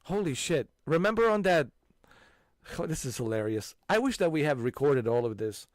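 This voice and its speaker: A man hosting a gaming channel, loudly swapping stories with friends and breaking into frequent laughter and exclamations. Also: fairly high pitch, very animated, normal speed, no room sound, clean studio sound. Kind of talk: casual chat with friends.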